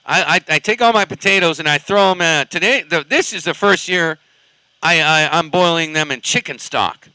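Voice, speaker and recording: A man's voice: on the high side, normal speed, bright, forceful tone, no echo, rough recording. A man from California chatting casually on a CB radio, rambling and cussing in a laid-back way. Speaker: CB radio operator.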